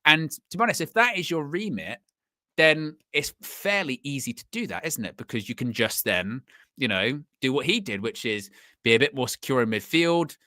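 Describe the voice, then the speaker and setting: A young man hosting a live football fan stream, chatting in an animated way and laughing often. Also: medium pitch, normal speed, no room sound, studio quality. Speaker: football fan channel host.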